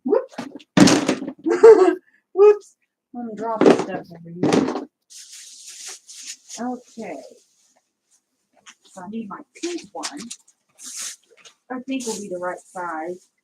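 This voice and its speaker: A woman vlogs a crochet tutorial in a chatty, scattered, rambling way, talking to her viewers while she searches for her supplies. Her medium-pitched voice has lively intonation, she speaks slowly with frequent pauses, and the background is noisy.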